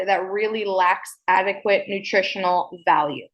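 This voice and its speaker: A woman hosting a self-help podcast, talking deliberately slowly and emphatically, frank and playful, often checking in with "okay?" and swearing casually. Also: mid-range voice, highs cut off. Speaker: podcast host.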